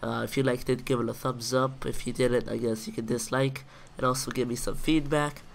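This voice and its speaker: A man from Israel with a noticeable Israeli accent and a nasal, stuffed-up voice, as if his nose were always blocked. His first language is Hebrew, so he chats slowly and carefully, pausing to pick his English words. He talks casually to his viewers as a gaming commentator. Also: mid-range voice, flat delivery, creaky, slight background noise. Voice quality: nasal, congested-sounding. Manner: slow and deliberate, pausing to find English words. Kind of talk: casual talk to camera.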